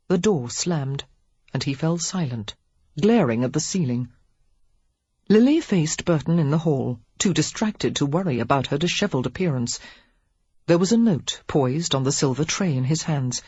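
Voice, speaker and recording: An audiobook narrator reading a historical romance in a steady, measured way. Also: mid-range voice, slightly rough, no echo. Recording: dull lo-fi audiobook recording.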